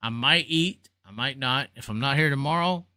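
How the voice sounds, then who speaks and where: Bright, tired, swearing livestream host man. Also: medium pitch, moderate pace, smooth, no room sound, studio quality. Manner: rambling, profane, jokey sign-off. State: worn out after hours live. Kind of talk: casual late-night livestream chat.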